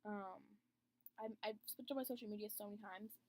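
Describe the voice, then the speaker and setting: A young woman casually reviewing and unboxing makeup on her own channel, chatty and excitable, with plenty of "like" and "um". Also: mid-range voice, fast, poor audio. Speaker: beauty vlogger.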